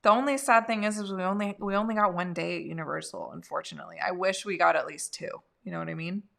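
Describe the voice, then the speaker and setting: A woman's voice: on the low side, quick pace, gravelly, fairly bright tone. A woman co-hosting a casual livestream chat, talking in an enthusiastic, filler-heavy way. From California. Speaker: co-host.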